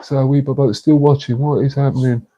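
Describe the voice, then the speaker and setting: A man's voice: medium pitch, little pitch movement, normal speed, warm tone, dull audio. A man hosting a casual livestream, chatting in a matey way and answering viewers' comments. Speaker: livestream host.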